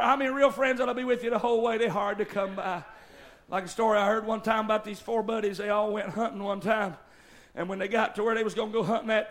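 A man preaching a sermon. He moves between folksy storytelling and impassioned, shouted exhortation. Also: very high-pitched.

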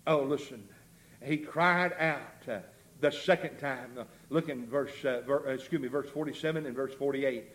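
A man preaching an impassioned revival sermon, swinging from shouts to low, quiet lines.

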